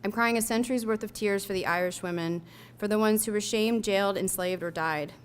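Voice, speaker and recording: Young woman, author reading her own essay, smooth clear voice, measured and reflective delivery. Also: medium pitch. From United States. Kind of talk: reading a personal memoir aloud.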